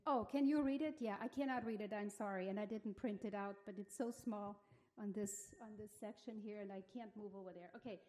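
Woman speaker at a symposium, mellow tone, hesitant academic delivery with lots of restarts. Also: mid-range voice, fairly quick. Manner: thoughtful, hesitant, many fillers and restarts. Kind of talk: academic conference talk. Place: museum symposium hall.

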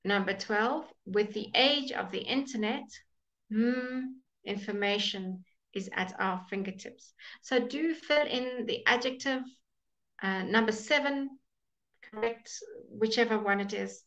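A woman's voice: medium pitch, measured pace, a bit bright. A woman teaching English grammar in a live online class, explaining patiently and checking in with "okay?".

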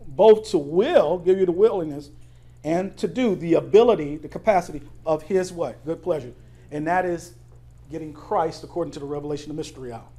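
High-voiced man preaching a lively sermon. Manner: conversational preaching with call-and-response questions and laughing anecdotes. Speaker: pastor. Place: church sanctuary.

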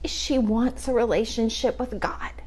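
A woman with a fairly high voice delivers a heartfelt devotional teaching over a livestream. She speaks earnestly and leans on repeated phrases for emphasis. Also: fairly even intonation, unhurried, a little mellow, breathy edge. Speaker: ministry leader. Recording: livestream video.

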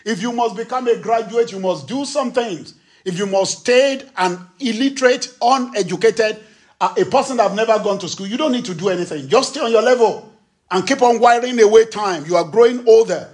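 A man's voice: high voice, fairly quick. A male preacher delivering a sermon, emphatic, asking rhetorical questions and acting out quotes.

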